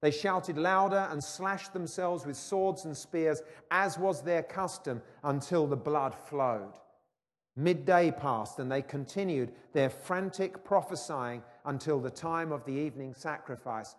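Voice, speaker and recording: A man's voice: mid-range voice, a little slow. Man preaching in a reverberant hall. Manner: dynamic, swinging from loud proclamation to hushed intensity; mocking taunts when acting out scripture scenes. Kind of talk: sermon.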